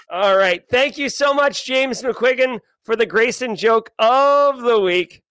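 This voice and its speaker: A man with a Boston accent hosting a daily cyber news live stream, talking in an energetic, rambling, self-joking way. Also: very high-pitched, slow, smooth, no room sound. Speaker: host. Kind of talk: casual live-stream chat.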